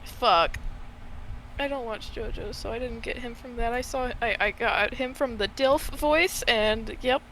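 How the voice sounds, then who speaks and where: A woman's voice: fairly high pitch, measured pace, bright, forceful tone, a little hiss or hum, low-quality recording. A woman in casual chat on a stream, blunt, swearing, and laughing often.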